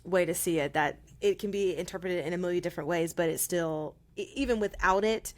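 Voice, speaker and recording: A woman co-hosting a podcast in casual chat, playful and quick to laugh. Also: fairly low pitch. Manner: laughs often, playful and upbeat. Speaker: podcast co-host.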